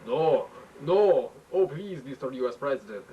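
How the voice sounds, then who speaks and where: A man's voice: mid-range voice, animated, moderate pace, highs cut off, natural voice. A man putting on a premier. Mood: pleading. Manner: broken, pleading English. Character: blustering then pleading male Soviet premier. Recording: faint hiss, mic far off.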